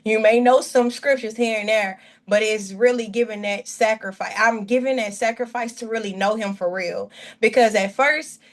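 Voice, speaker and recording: A woman pastor tells her testimony in a guest chat, her voice sitting a little high. She talks earnestly and from the heart, rambling and restarting as she goes. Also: fairly even intonation, normal speed.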